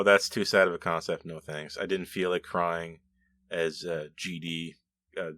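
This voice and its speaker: A man's voice: low voice, a bit bright. A man hosting a show, casually reading and answering viewer comments in a rambling, self-correcting way with frequent laughs.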